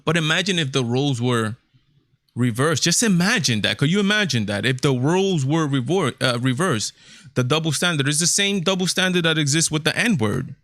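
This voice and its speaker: A man's voice: on the high side, expressive, moderate pace, fairly bright tone, no room sound, clean studio sound. A man hosting a casual livestream, talking emphatically with lots of repetition. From Hispanic heritage, United States. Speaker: show host.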